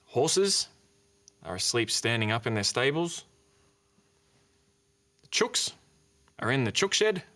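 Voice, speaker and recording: A man presenting a children's TV show, gently telling a story with toys and playing with animal sounds. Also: medium pitch. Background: guitar music.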